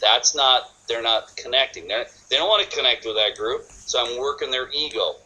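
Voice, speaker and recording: A man's voice: medium pitch, normal speed, bright, forceful tone, rough recording. A man giving a sales training talk, energetically acting out customers' thoughts in quoted voices.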